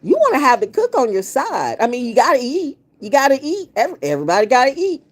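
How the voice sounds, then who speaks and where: A woman's voice: sits high, wildly swooping pitch, fast. A middle-aged woman from the United States ranting casually to her viewers, blunt and profane, telling stories with lots of animation. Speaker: vlogger. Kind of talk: casual rant to camera.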